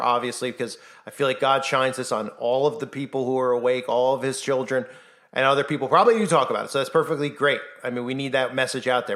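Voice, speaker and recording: Mid-pitched and a touch bright, this man talks to the camera on his own Christian YouTube channel. The monologue is urgent and fervent as he rattles off rhetorical questions and plays out the voices he's quoting.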